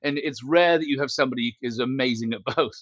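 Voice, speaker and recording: A man's voice: medium pitch, fast talker, dry recording, lo-fi sound. A man talking as a guest on a podcast, telling stories with jokes and asides, heard through a mic built into his glasses. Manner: joking, animated storytelling with asides. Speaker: podcast guest, company CEO. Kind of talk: casual podcast chat. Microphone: headset mic built into glasses.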